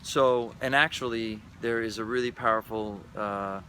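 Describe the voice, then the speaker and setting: A man's voice: lowish voice, fairly even intonation, moderate pace, pushed and bright, a little hiss or hum. A man vlogging about spirituality in a loose, irreverent monologue, often tossing in "right?". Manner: irreverent, keeps asking "right?".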